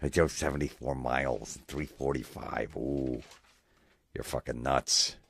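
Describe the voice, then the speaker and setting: Low-voiced man in a profane sarcastic rant. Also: steady tone, unhurried, creaky, fairly bright tone, breathy edge. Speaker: podcast host. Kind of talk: comedic rant.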